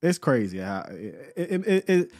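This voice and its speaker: A man's voice: medium pitch, big pitch swings, a little slow, a little mellow. A man hosting a live podcast in casual chat, laid-back and slangy, often repeating words as he talks. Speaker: podcast host.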